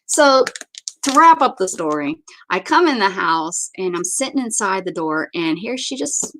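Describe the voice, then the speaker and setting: A woman hosting a casual livestream in a chatty, rambling way. She breaks off her story to greet viewers by name, then picks it up again. She often stumbles over words and starts again, and her voice sits at an ordinary pitch for a woman. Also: sing-song, moderate pace, fairly bright tone. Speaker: livestream host. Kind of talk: casual chat.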